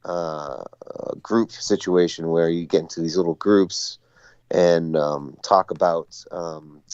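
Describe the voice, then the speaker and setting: A man with a low voice calls in over a dull, lo-fi phone line that sounds close and dry. He is a schoolteacher chatting casually, rambling through his stories and poking fun at himself. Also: steady tone, takes it slowly, a little mellow, clear, resonant tone, dry recording. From Boston area. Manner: rambling, self-mocking, laughing at his own stories. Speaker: schoolteacher, call-in guest. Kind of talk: casual chat. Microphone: phone call.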